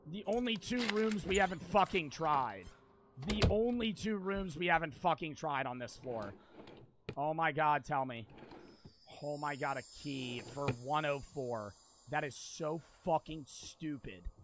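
A young man streaming a horror game, swearing constantly and repeating himself as he swings between muttering and yelling. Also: on the high side, measured pace, noisy background. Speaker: gaming streamer. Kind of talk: frustrated let's-play commentary.

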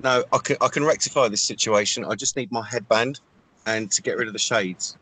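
A man co-hosting an improvised comedy chat, with a dry and playful deadpan manner. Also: lowish voice, brisk, breathy edge. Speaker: comedy co-host.

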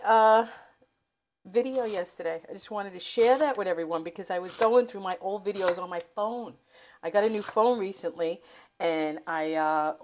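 A middle-aged woman hosting a cooking channel, chatting casually and rambling from her home kitchen. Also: fairly low pitch. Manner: chatty, rambling, self-interrupting.

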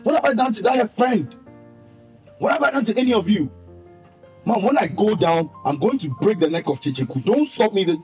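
A high-pitched young man plays a betrayed father. He accuses and demands in relentless repeated questions. Soft music runs underneath. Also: animated, a little fast. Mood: furious. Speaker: son confronting his mother. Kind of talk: TV drama acting.

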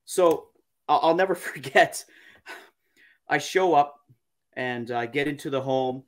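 A man, a podcast guest, telling a story in a halting, casual way, repeating words and using many fillers. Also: fairly high pitch.

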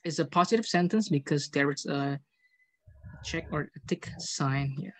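A man with an Indonesian accent and a somewhat high voice teaches an English class by video call from home, speaking at a moderate pace. He patiently calls on students and walks through grammar step by step.

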